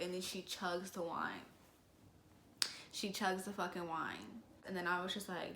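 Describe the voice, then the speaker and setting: A young woman telling a story to camera in a casual, slangy, animated way. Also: medium pitch, normal speed, vocal fry, echoey room, a little hiss or hum. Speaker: vlogger.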